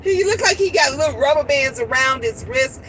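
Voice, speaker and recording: Middle-aged grandmother streaming on her phone; animated, chatty, crisp bright tone, faint road noise. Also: sits high, normal speed, rough recording. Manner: animated rambling storytelling, greeting viewers. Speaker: live stream host. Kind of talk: casual chat with viewers.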